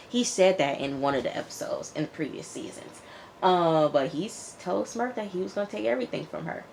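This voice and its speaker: Chatty low-voiced woman recapping a show. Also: a little fast, creaky, a little hiss or hum. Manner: chatty, animated retelling with quoted dialogue. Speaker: TV show reviewer. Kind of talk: casual recap chat.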